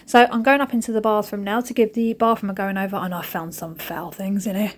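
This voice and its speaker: A woman in her thirties talks over her cleaning vlog in a chatty, cheeky way. She tells jokey stories about home life with her family. Her pitch sits in a middle range. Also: steady tone, fairly quick. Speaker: vlogger. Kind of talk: casual chat over cleaning footage.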